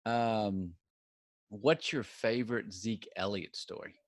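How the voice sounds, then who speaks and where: A man's voice: on the low side, slow, no room sound, studio quality. A man interviewing a guest in a laid-back, buddy-like way. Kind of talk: casual interview.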